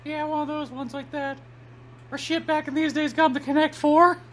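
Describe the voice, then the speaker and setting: Woman, very high voice, crude running jokes over a movie. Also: steady tone, normal speed. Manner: profane, mocking, does silly voices. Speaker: co-commentator. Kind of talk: crude comedic commentary on a film.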